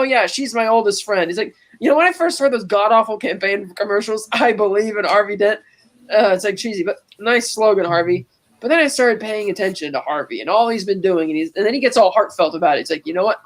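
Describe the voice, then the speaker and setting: Woman co-host, mid-pitched and casual, walking through a film scene by scene. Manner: retells scenes quoting lines with "he's like". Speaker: podcast co-host. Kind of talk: casual movie recap.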